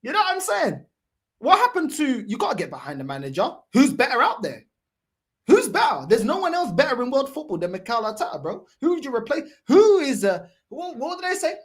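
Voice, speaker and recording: A woman's voice: sits high, sing-song, fairly quick, husky. A woman hosting a football fan channel, delivering a heated, profane, mocking reaction rant. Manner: profane, mocking, repeats "bro".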